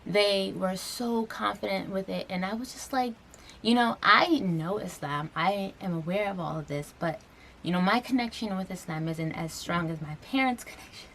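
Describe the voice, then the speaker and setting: Earnest young woman with a gravelly voice. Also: medium pitch, moderate pace, fairly bright tone. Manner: earnest, rambling, many fillers and restarts. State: tearful, getting emotional. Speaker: vlogger. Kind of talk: personal vlog talk to camera. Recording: faint background noise.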